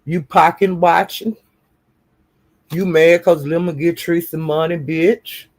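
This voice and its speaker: A man on a live stream who fires off profane taunts and stretches out his insults. His voice is gravelly and husky, and it sits a bit high for a man. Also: level tone. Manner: profane, taunting insults, slow drawn-out jabs. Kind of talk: heated live-stream rant.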